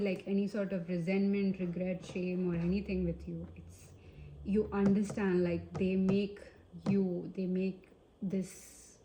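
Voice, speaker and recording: A woman's voice: mid-range voice, noisy background. A woman with an Indian accent giving a casual tarot reading, hesitant and often searching for words. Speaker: tarot reader. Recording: roomy echo.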